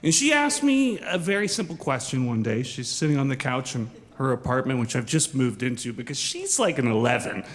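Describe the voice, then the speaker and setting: Animated self-mocking man in a hall. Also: mid-range voice, a little fast, few pauses. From Eastern Washington. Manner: self-deprecating, animated, acts out quoted lines. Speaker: storyteller. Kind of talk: live storytelling on stage. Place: stage in a large hall.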